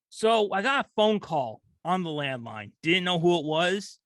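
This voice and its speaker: A man's voice: high-pitched, very animated, measured pace, hardly any pauses, fairly bright tone, no echo. A man hosting a comedy podcast, telling stories animatedly, laughing often and acting out quotes. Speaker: podcast host. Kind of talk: comedic storytelling chat.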